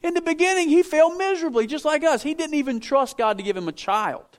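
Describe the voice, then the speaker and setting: Male preacher, high-pitched, animated, talks straight to the congregation. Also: fast. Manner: animated, acts out biblical figures, asks audience to respond. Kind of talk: sermon. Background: audience in room.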